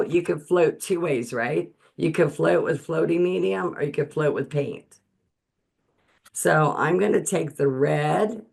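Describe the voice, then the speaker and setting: A woman hosting a painting lesson over a video call, telling stories in an animated way and often laughing between steps of instruction. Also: extremely low pitch, creaky. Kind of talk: chatty storytelling and painting instruction.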